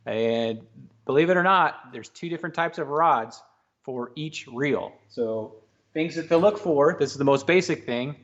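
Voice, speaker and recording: A man's voice: fairly high pitch, unhurried. Laid-back male co-host, patient explainer in casual talk, slightly muffled recording. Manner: relaxed, explains basics patiently with restarts. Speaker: co-host of a fishing talk show. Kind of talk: casual livestream chat.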